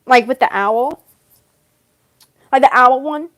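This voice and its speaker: A woman's voice: sits high, slow pace, fairly bright tone. A young woman rambling casually in character, giggling often and filling gaps with ums and you-knows. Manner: giggly, rambling, lots of fillers and laughs. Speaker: vlogger role-playing a game character.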